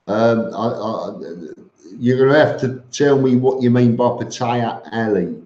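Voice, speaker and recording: A man hosts a casual live stream, reading viewer comments aloud and answering them in a blunt, matter-of-fact way, with plenty of fillers and restarts. He speaks slowly. The audio is roomy and a bit dull and lo-fi. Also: mid-range voice, darkish tone. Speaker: vlogger answering live chat.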